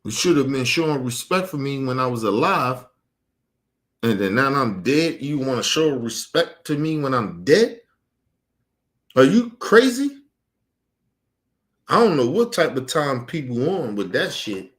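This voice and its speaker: A man's voice: medium pitch, lively intonation, moderate pace, fairly bright tone. A man ranting heatedly about his family, angry, emphatic and full of profanity. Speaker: streamer. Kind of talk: heated personal rant.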